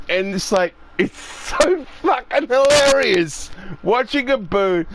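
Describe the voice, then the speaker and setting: A man's voice: very high voice, expressive, slow pace, a bit bright, slight background noise. An Australian man chatting casually on a gaming stream, rambling and swearing freely as he tells stories. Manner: swears freely, acts out voices when telling stories.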